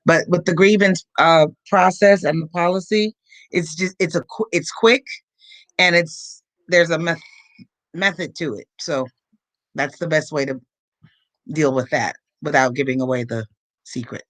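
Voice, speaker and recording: A man's voice: fairly high pitch, a little slow, dry recording. A man co-presenting, explaining a customer service process step by step. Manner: steady explanatory, lists steps. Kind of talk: business explanation.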